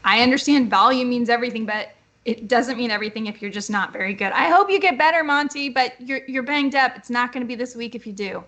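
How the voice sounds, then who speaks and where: A woman's voice: on the high side, fast talker, fairly bright tone. A woman co-hosting a live fantasy football show, giving blunt, decisive start-or-sit picks. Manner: decisive, blunt opinions, laughs easily. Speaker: co-host, fantasy analyst.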